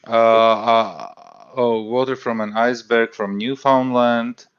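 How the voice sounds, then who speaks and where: A man's voice: mid-range voice, clean tone, muffled recording. A man hosting a casual livestream chat, rambling and reading out product details. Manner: slow, rambling, reads out labels. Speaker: stream host.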